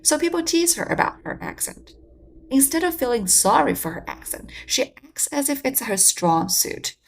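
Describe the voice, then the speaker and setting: Woman explaining in measured voice-over. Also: high-pitched, big pitch swings, vocal fry, slight background noise. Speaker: communication channel host. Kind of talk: scripted voice-over narration.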